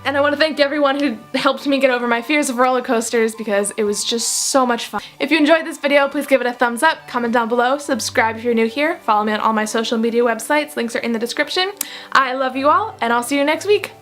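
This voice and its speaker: A young woman vlogger with a high, bright voice tells a story with giggly excitement and quotes the people in it. Faint music plays under her voice. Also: fast talker. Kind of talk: storytelling vlog.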